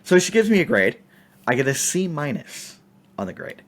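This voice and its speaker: A young adult man, a podcast guest, telling a story in a casual, emphatic and animated way, with many fillers. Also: fairly high pitch, moderate pace.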